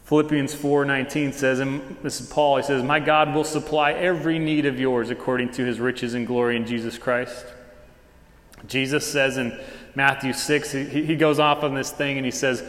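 A man's voice: medium pitch, steady tone, fairly bright tone. Man preaching casually in an echoey hall. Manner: casual conversational preaching with quick dramatized asides. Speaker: pastor. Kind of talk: sermon. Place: church hall. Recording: echoey hall with long reverb.

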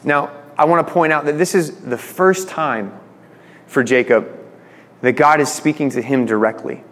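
A man's voice: a little high, moderate pace, a bit bright, in a large hall. A man preaching a sermon in a conversational way, retelling stories with voiced quotes. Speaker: pastor.

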